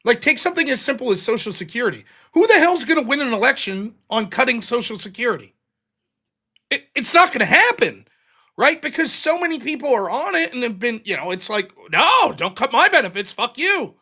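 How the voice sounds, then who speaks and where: Forties male show host, high and bright, blunt and profane, acts out quotes. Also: very animated, brisk. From United States. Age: 40s. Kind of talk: casual political monologue.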